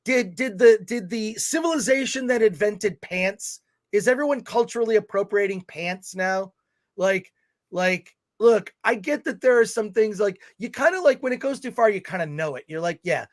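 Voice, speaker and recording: Ranting livestream co-host, male, high voice, animated delivery. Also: moderate pace. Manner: animated, ranting, reads viewer comments aloud. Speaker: podcast co-host reading chat. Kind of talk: livestream film chat, ranting.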